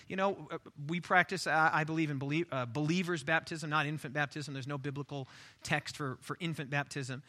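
A male pastor preaches a sermon, hammering points home by repeating key phrases and tripping into quick restarts when he goes off script. His voice sits on the high side with a sharp tone and fairly even intonation.

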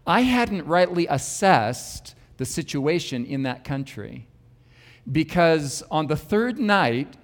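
Earnest male preacher in a reverberant hall. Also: on the high side. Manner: earnest, self-deprecating, wry. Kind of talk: sermon storytelling.

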